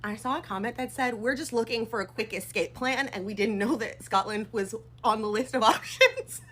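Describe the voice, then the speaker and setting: Bright, high, bubbly woman. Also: normal speed. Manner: bubbly, amused. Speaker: content creator. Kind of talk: casual commentary.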